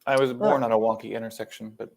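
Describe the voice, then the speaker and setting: A man's voice: fairly low pitch, little pitch movement, fast talker, creaky, a little mellow. A man co-hosting a horror film podcast, trading dry, teasing banter in casual chat. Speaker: podcast co-host.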